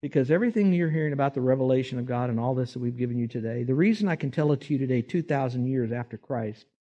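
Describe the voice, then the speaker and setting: A man's voice: medium pitch, fast talker, dark tone, dull audio. A man preaching a sermon in an earnest, conversational way, rising emphatically to make his points.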